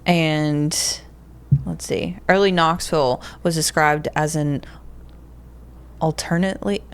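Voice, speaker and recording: A Southern woman with a slightly low voice chats on a podcast. She reads facts aloud, stumbles now and then, and laughs easily. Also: steady tone, takes it slowly, smooth. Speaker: podcast co-host. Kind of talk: casual chat.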